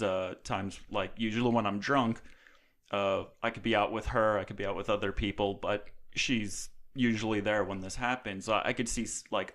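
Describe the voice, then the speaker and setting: A man's voice: fairly low pitch, a bit bright. A man hosting a casual podcast chat, rambling with many restarts and fillers. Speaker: podcast host.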